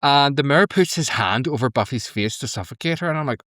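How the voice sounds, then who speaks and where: A young man chats through a television episode for his podcast, animated and quick to laugh as he recaps the scenes. His voice sits at an ordinary middle pitch. The sound is dry and close, with no room around it. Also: no room sound, soft background music. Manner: animated, laughing, mimics characters in high squeaky voices. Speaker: podcast co-host. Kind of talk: casual reaction commentary.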